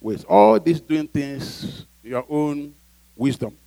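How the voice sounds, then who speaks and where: A man's voice: fairly high pitch, expressive, moderate pace, no room sound, rough recording. A male pastor preaching a sermon emphatically, often asking the congregation to fill in a word.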